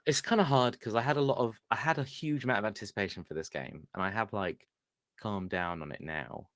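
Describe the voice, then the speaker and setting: A man's voice: lowish voice, brisk, fairly bright tone, dry recording, studio quality. A man co-hosting a podcast, chatting casually and hesitantly searching for the right words. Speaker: podcast co-host. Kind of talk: casual chat.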